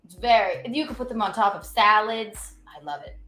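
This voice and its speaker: A woman hosting a casual cooking livestream, chatting in an animated, giggly way and reading out viewer tips. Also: medium pitch, brisk. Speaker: cooking show host. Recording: echoey room with faint music.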